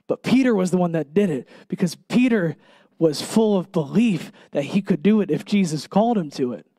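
A man with a high, light voice preaches a sermon in a dry, close-sounding room. He speaks earnestly and with emphasis, slowing down to stress key words and asking his listeners direct questions. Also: expressive, dark tone, no room sound.

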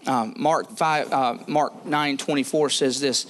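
Male preacher, middle pitch, relaxed sermon delivery with repeated phrases, faint background noise. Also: unhurried, few pauses. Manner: conversational, repeats phrases for emphasis.

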